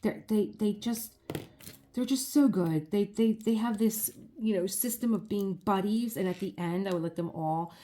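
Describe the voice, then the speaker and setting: A woman's voice: medium pitch, moderate pace, mellow. A middle-aged woman chatting casually and heartfelt while crafting, rambling with many restarts. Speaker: crafting vlogger.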